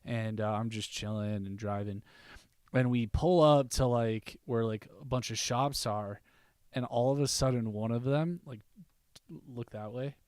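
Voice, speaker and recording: A young man swaps stories in relaxed podcast chat, laughing easily. His voice sits at an ordinary mid pitch. The recording is dry and close, with no room sound. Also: unhurried, clean tone, no room sound. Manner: laid-back storyteller, laughs often, says "dude". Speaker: podcast co-host. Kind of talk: casual chat.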